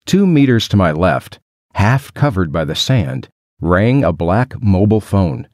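A man's voice: sits low, big pitch swings, measured pace. A man narrating an adventure story in the first person, with a dry, wry storytelling manner. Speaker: audiobook narrator.

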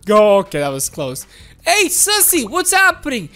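A woman host giving excitable, exclamatory playthrough commentary on a video game, often giggling. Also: on the high side, moderate pace. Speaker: gaming channel host.

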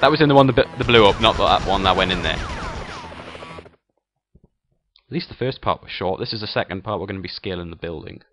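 A man's voice: sits low, moderate pace, pauses often, noisy background. A young man giving casual, rambling commentary over a video game walkthrough, often correcting himself mid-sentence. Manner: chatty, rambling, self-correcting. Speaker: gameplay commentator. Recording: game music behind voice. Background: game music and gunfire sounds.

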